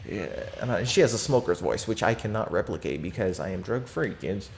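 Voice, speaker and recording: A man's voice: lowish voice, lively intonation, a little fast, gravelly, a little hiss or hum. A fourteen-year-old boy telling a story in a casual vlog, rambling with lots of fillers, slang and restarts. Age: teenager, fourteen.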